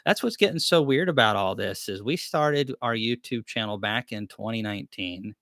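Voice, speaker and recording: Man, live-stream host, rambling and easygoing, lowish voice, dry close sound. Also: moderate pace, fairly bright tone, dry recording. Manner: rambling, easygoing, self-deprecating. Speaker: beekeeping channel host.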